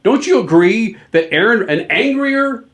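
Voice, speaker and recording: Man, sports talk host, high voice, swoops up and down a lot, excitable and jokey. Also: a little slow. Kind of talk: animated sports talk banter.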